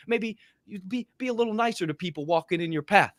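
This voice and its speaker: A man's voice: sits high, fast talker, few pauses, dry recording. A man co-hosting a podcast, telling a story casually with lots of swearing and acted-out voices. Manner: profane, animated, acts out voices in his stories. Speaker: podcast co-host.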